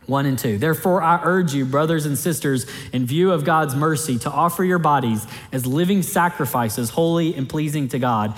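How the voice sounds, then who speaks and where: A man's voice: fairly high pitch, moderate pace, hardly any pauses. Man preaching in a reverberant hall. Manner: conversational preaching, repeats key phrases for emphasis. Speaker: pastor. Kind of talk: sermon.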